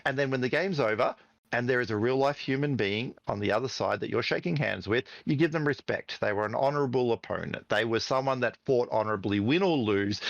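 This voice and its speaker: A man's voice: medium pitch, creaky, no room sound, muffled recording. A middle-aged man, a podcast guest who runs an esports team, telling fired-up stories in casual chat and swearing freely. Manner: animated, profane, fired-up storytelling.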